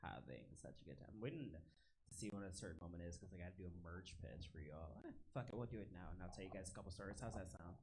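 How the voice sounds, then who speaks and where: A man's voice: low voice, lively intonation, rapid-fire, darkish tone. A man performing a stand-up comedy set in a club, chatting with the crowd and telling stories in a conversational way. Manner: crowd work, conversational storytelling. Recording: noisy live club recording. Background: audience laughter.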